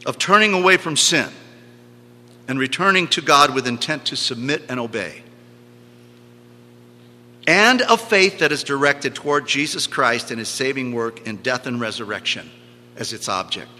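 A man's voice: mid-range voice, animated, normal speed, long pauses, pushed and bright. A man preaching a sermon, teaching emphatically and repeating key phrases for stress. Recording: long hall reverb.

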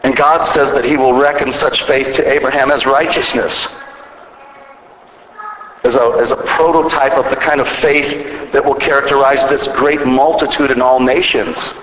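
A man's voice: mid-range voice, steady tone, fairly bright tone. Man preaching in an echoing hall. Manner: measured preaching with rising emphatic peaks. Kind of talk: sermon. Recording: echoey hall, faint background noise.

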